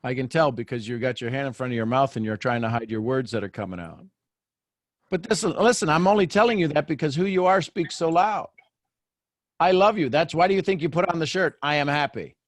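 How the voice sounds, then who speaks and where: A man's voice: on the high side, lively intonation, quick pace, dry recording. Man, life coach, encouraging, repeats himself, dry close sound. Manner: emphatic, encouraging, repeats phrases. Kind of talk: live coaching session.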